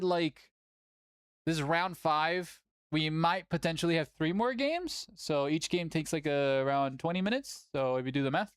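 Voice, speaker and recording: A tournament host chatting casually on a livestream, animated, laughing often and swearing casually. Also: mid-range voice, clear, resonant tone, no echo, studio quality.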